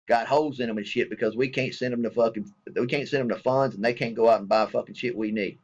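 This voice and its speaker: A man's voice: medium pitch, steady tone, fast talker, highs cut off. A man from the States, a military veteran ranting bluntly and angrily with heavy profanity in a vlog. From Southern United States. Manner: blunt, angry and heavily profane.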